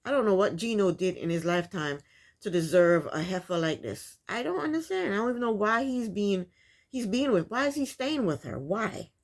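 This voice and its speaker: A woman talks straight at her viewers, recapping a reality show with exasperation. Her voice sits in an ordinary middle pitch, and she rants loosely, stumbling over restarts as she goes. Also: big pitch swings, moderate pace. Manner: exasperated, opinionated ranting; loose, full of restarts and fillers. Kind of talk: casual commentary.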